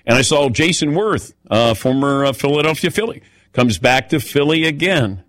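A man's voice: medium pitch, animated, normal speed, a bit bright, dry recording. A man hosting a radio show, telling stories in a chatty way and calling on his co-hosts by name. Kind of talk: casual radio show chat.

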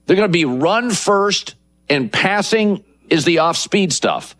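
Middle-aged guy ranting on sports radio, high voice, swings all over the place. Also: lively intonation, unhurried, fairly bright tone. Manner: emphatic, building lists for effect. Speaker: sports talk show host. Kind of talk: opinionated sports commentary monologue.

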